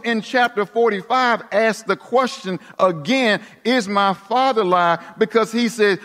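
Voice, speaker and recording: A man preaching a sermon, dramatic, dropping to hushed tones and rising again for emphasis. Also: high-pitched, a little slow, hardly any pauses. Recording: long reverb of a large hall.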